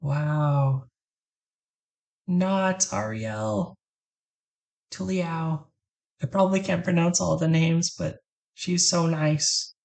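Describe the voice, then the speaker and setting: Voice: medium pitch, slow pace, vocal fry, darkish tone. A let's play host giving casual reaction commentary with chatty asides to viewers.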